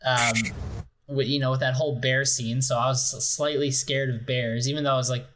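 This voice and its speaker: A man's voice: mid-range voice, level tone, fairly quick, a bit bright. Rambling, swearing young man. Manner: rambling, swears often, many fillers. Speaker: storyteller. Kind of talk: casual chat.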